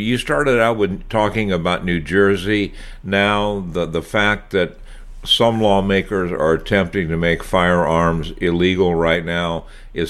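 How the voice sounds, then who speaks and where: A man's voice: low voice, a bit bright. A middle-aged man hosting a talk radio show, chatting in a conversational, opinionated way with frequent fillers. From Washington State.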